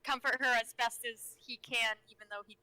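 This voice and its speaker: A woman's voice: a little high, steady tone, normal speed, sharp tone, no room sound, rough recording. A woman player narrating her character's actions in a tabletop game.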